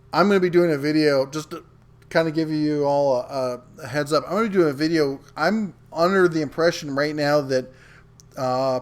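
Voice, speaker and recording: A middle-aged man hosting a live tool show, chatting casually and reading viewer comments aloud with frequent ums. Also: fairly high pitch. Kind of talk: casual livestream chat.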